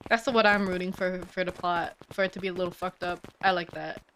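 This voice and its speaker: A woman's voice: lowish voice, steady tone, a little fast, fairly bright tone, slight background noise. A woman streaming a story game, chatting casually and reading the dialogue aloud. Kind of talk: casual gameplay commentary.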